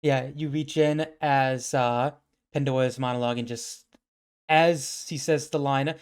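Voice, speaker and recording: A man's voice: mid-range voice, steady tone, unhurried, smooth. A man narrating as game master in a tabletop game, casual and laughing often, with many fillers.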